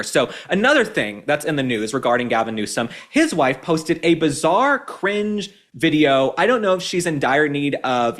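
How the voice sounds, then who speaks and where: A man's voice: on the high side, a bit bright. A young man hosting a political commentary show, ranting in a combative, mocking way with sarcastic asides. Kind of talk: opinionated commentary monologue.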